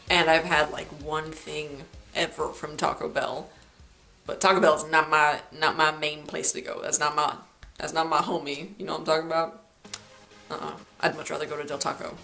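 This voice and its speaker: Teenage woman, sarcastic, rambling, lower pitch, faint background music. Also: a bit bright, rough recording. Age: late teens. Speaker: vlogger. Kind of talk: ranting vlog.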